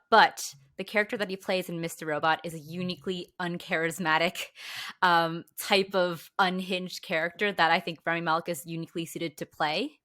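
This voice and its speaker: A woman's voice: lowish voice, a bit bright. A woman on a film podcast panel, speaking in a thoughtful, hesitant way with small laughs in casual chat.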